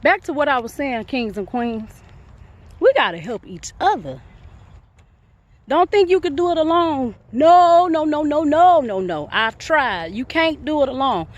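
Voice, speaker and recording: A woman's voice: sits high, a little slow, highs cut off. A woman from Michigan vlogging outdoors, giving casual, upbeat encouragement to her viewers in a playful, preachy way. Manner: lively, preachy, playful, speaks to viewers as kings and queens. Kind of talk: casual motivational vlog. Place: outdoors in the sun.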